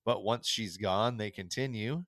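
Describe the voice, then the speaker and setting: A man co-hosting a casual podcast, recapping an episode with laughter and quick bits of voices. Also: on the low side, no echo. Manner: animated, laughing, recaps scenes and does voices. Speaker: podcast co-host.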